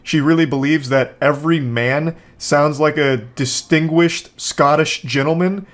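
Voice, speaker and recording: A man's voice: on the high side, unhurried. A man giving casual reaction commentary on a video from home, sarcastic and joking with rambling asides.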